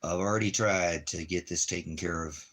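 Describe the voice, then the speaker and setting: A man's voice: sits low, moderate pace, a bit bright. A man at home talking bitterly in a casual monologue, then doting on his dog. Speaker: father and dog owner. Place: at home indoors.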